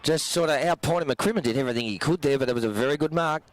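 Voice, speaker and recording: A fairly high-voiced Australian man calls a local football match play by play, his voice going hoarse. He runs through the action at a steady clip and climbs into loud, excited shouts when goals go in. He commentates from an outdoor ground. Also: fast, rough recording.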